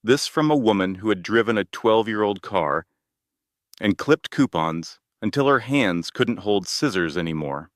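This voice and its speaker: Male narrator for a scripted drama story: low register, steady dramatic reading, dry close mic. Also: normal speed, dry recording.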